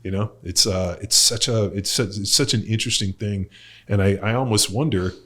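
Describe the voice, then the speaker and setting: A man's voice: lowish voice, normal speed, fairly bright tone. A middle-aged man hosting a podcast, talking in a loose, rambling way with lots of fillers and blunt swearing. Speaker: podcast host and coach. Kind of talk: casual podcast chat.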